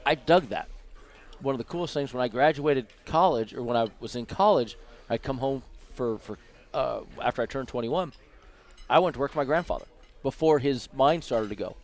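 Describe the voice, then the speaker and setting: A man from Las Vegas telling lively anecdotes as a dinner guest, acting out the people he quotes, in a casino restaurant. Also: mid-range voice, normal speed. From Las Vegas, USA. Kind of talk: casual storytelling over dinner.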